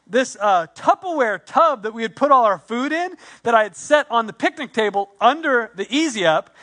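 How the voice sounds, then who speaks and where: A man with a high voice preaches, winding a personal anecdote into a sermon point. His tone is bright and forceful, and he talks animatedly, acting out his inner thoughts as he tells the story. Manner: animated storyteller, quick asides, acts out his own thoughts. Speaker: pastor.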